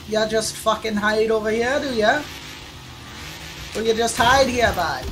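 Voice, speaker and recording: A woman streaming a racing game live, commenting as she plays, swearing and trash-talking other players and breaking into excited shouts. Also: on the high side, measured pace, long pauses, over music.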